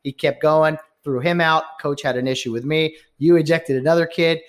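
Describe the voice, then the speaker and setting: A man, a baseball umpire and podcast co-host, asking his partner questions in an animated, often laughing, casual chat. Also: on the high side, moderate pace.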